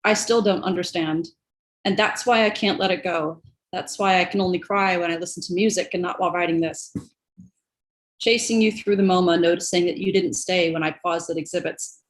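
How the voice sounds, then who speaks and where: A woman reading her own personal poem at an online open mic over a video call, in a quiet, reflective way. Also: on the low side, fairly even intonation, a little fast.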